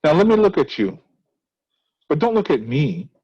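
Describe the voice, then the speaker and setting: A man reading aloud the lines of a vain, nervous older Southern woman from a script, in a rushed, flat way. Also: fairly high pitch, husky, dull audio.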